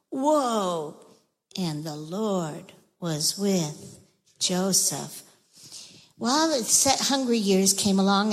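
A woman teaching children, telling a Bible story in a lively, expressive way and talking straight to the kids. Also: mid-range voice, breathy edge. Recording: echoey hall reverb.

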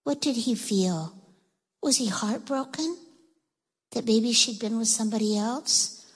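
A woman telling a Bible story to children in church, animated and coaxing, asking them questions as she goes. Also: a little high, measured pace, husky, big-room sound, rough recording. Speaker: children's minister. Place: church sanctuary.

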